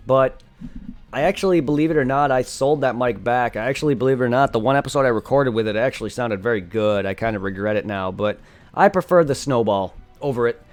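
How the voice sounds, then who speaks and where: A man's voice: medium pitch, fast talker. A young man chatting casually on a live game stream, rambling and correcting himself as he talks into a desktop condenser mic. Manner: rambling, self-correcting, reads game dialogue aloud. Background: faint music and computer fan hum.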